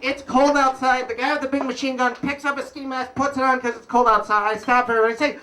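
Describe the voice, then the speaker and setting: A man telling a wry, casual personal story at a live story slam, pausing for punchlines. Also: very high voice, little pitch movement, pushed and bright, distant mic. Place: live event stage.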